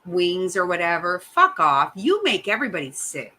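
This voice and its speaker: A woman's voice: fairly low pitch, very animated, normal speed, pushed and bright, low-quality recording. A middle-aged woman hosting a casual chat, ranting bluntly and swearing often. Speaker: host.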